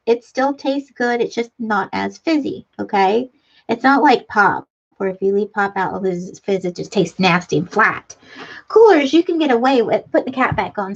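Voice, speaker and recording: Giggly chatty woman on a lo-fi stream. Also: a little high. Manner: giggly, chatty, laughs often. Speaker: live stream host. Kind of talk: casual live-stream chat reading comments. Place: home craft room. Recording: dull lo-fi live-stream audio.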